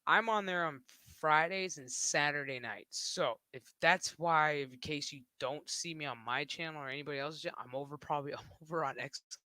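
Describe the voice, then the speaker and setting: Bright-voiced swearing man streamer. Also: a little high, fairly quick, few pauses, clear, resonant tone, dry recording. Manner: rambling, swearing, laughs often. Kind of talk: casual livestream chat.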